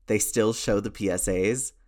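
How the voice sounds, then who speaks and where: A man's voice: fairly low pitch, fairly even intonation, normal speed, darkish tone, lightly acted. A man voicing a cocky, playful grown man who wisecracks, in a story reading. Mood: teasing. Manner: teasing, wisecracking.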